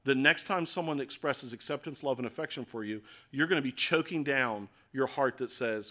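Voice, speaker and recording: A man preaching a sermon as pastor, moving from quiet, earnest passages to loud, passionate declarations and acting out quoted voices. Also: mid-range voice, normal speed, few pauses. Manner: acts out quoted voices with rhetorical questions.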